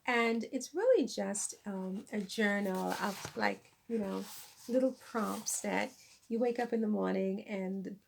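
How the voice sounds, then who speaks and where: Woman vlogger, chatty and self-mocking, gravelly fry in the voice, mid-pitched. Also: a little slow, a little hiss or hum. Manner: chatty, self-deprecating, laughs at herself. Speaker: vlogger and author. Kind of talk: casual chat to camera. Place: lives in France.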